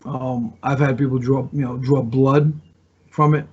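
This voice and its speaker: In relaxed conversation, an ex-pro wrestler recounts locker-room tales, wandering off track, starting over, and performing other people's lines. His mid-range voice is unhurried and a bit mellow with a breathy edge, and his pitch barely moves. It's captured on dull, lo-fi podcast audio.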